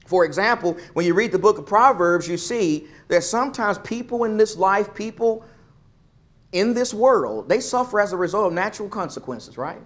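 Male pastor, sermon delivery, high voice, emphatic repetition. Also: animated, moderate pace, fairly bright tone. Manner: emphatic, repeats phrases for stress.

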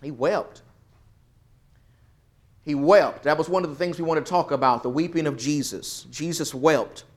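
A man with a somewhat high voice teaches a Bible class, stopping often to put questions to the group. He pushes key words out loud, then drops almost to a murmur to let a point land. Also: normal speed, pauses often. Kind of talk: interactive Bible study lesson.

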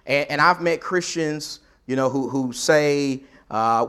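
A male preacher delivering a sermon in a church auditorium. His voice sits a little high, and he talks to the pews conversationally. He reads scripture aloud with emphasis. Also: normal speed, few pauses, a bit bright.

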